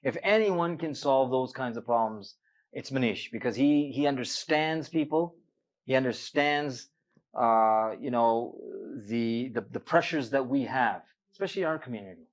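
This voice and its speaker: A man's voice: medium pitch, animated, normal speed. A man speaking as a guest on a talk show, hesitant and repeating words as he endorses a candidate.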